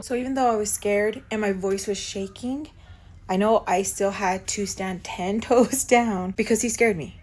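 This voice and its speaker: A woman's voice: mid-range voice, a little slow. Casual storytime: chatty young woman, lots of "like", close camera mic, faint hiss. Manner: chatty, animated retelling with filler "like". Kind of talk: casual storytime while doing makeup.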